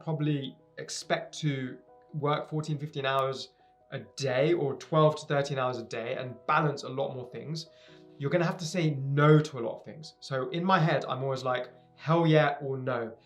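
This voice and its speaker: Earnest young man giving pep talk. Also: mid-range voice. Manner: earnest, emphatic, repeats phrases for stress. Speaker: entrepreneur giving advice to viewers. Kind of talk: direct-to-camera motivational talk.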